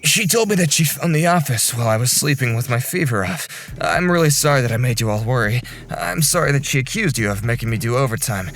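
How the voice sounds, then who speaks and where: A man's voice: mid-range voice, lively intonation, fast, few pauses, a bit bright, lightly acted. A man voicing a stubborn young office worker who is feverish and worn out, insisting desperately that he is fine. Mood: weary. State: feverish, strained.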